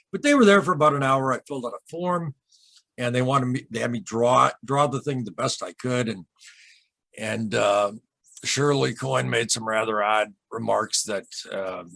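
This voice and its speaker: A man with a husky voice tells his own strange story to an interviewer. He rambles, repeats himself and restarts, and his voice sits at an ordinary pitch. The sound is close and dry. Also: fairly bright tone, no echo. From Michigan, USA. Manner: rambling, halting, with many repeated starts and asides. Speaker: interview guest recounting a UFO encounter. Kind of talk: emotional storytelling in a casual interview.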